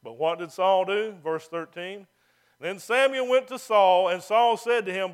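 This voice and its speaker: High-voiced preacher with a drawl. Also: male voice, unhurried, smooth. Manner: preaching, loud when reading scripture, drops low and mocking when preaching. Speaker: pastor. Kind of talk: sermon.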